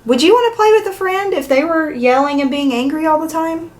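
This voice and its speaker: Speaking a little fast in a high voice, this children's story reader brings a picture book to life for young listeners. Along the way she asks them questions, keeping the read-aloud animated and interactive.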